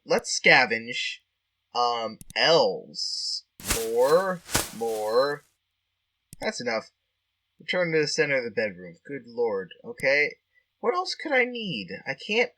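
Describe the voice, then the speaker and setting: Animated man reading a text game. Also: fairly high pitch. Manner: animated, jumps between deadpan reading and shocked outbursts. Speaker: game player and reader. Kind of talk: reading a text adventure aloud with commentary.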